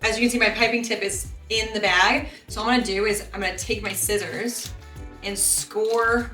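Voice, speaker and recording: A woman's voice: mid-range voice, fairly even intonation, normal speed, pushed and bright, echoey room, soft background music. A young woman hosting a casual home baking vlog in her kitchen, chatty and self-deprecating and laughing often. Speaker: baking show host.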